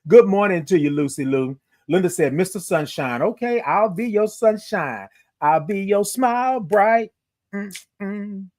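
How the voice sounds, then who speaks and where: A man sitting high runs a morning livestream from his phone, upbeat and animated as he greets viewers. He reads out their comments and draws his good-mornings into long singsong calls.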